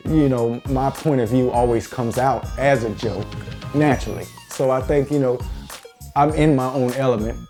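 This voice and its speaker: Candid Southern-accented comic with music bed. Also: normal speed. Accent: Southern US country. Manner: candid and crude, jumps into high voices in quotes. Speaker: new comedian. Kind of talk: confessional interview.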